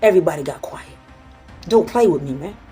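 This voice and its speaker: A woman's voice: deep voice, animated, a little fast, mellow, faint music behind. A woman hosting a casual motivational talk, blunt and profane as she tells stories to her audience.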